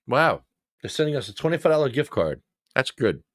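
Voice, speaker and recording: A male show host in casual livestream commentary, talking back to what he reads in an animated way. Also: medium pitch, brisk, no echo, clean studio sound.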